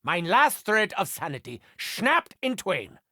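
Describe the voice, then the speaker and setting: An actor playing a manic, gleeful male mad scientist in a video game, with a German accent, theatrical delivery and sudden shouts and cackles. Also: sits high, big pitch swings, unhurried, no room sound, studio quality, heavily acted.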